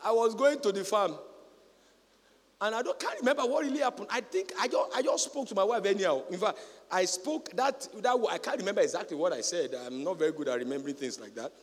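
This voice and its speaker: A Nigerian man preaching a sermon as a pastor, often shouting in a sing-song preaching cadence. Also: high-pitched, lively intonation, brisk, breathy edge, big-room sound.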